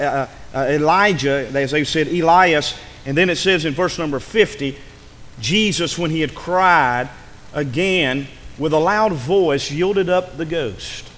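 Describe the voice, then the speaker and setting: High-voiced preacher man in a reverberant hall. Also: slight background noise. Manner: dramatic preaching, swings from hushed to shouting. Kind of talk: sermon.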